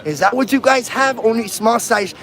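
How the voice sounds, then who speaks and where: Very high-pitched and marked by vocal fry, this man's voice is animated at a moderate pace, with crowd noise behind him. He's a first amendment auditor filming a livestreamed street confrontation with police on a handheld phone outside in a city, taunting them in provocative slang.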